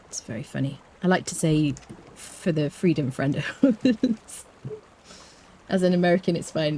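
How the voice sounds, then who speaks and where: A Scottish woman chatting playfully to viewers as she plays and guides a game, with careful, clear enunciation. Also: low-pitched, expressive, normal speed, mellow, slight background noise. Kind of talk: casual live-stream gameplay commentary.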